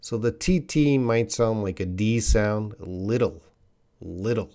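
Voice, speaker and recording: A man's voice: fairly low pitch, measured pace, mellow, clean tone. A man, teaching English on a live stream, chatting casually and often restarting his sentences. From Canada. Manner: casual, restarts often, reads viewer comments aloud.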